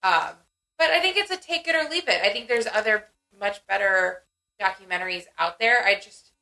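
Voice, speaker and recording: A young woman co-hosting a casual podcast, her voice bright and forward. She chats in an animated way, trailing off and piling up fillers as she goes. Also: medium pitch, normal speed, gravelly, rough recording. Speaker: podcast co-host. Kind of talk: casual chat.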